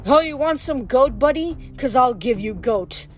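A woman voicing a gruff, rowdy male satyr coach who bellows and picks fights. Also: high-pitched, animated, a little slow, soft background music, pitched above the performer's own voice. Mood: brash. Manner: brash and bellowing.

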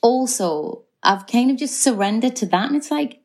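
A woman's voice: on the high side, lively intonation, moderate pace, a little mellow. A middle-aged woman with a Geordie accent, chatting as a guest on a podcast, full of fillers and restarts. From North East England. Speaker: actress guest. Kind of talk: casual chat.

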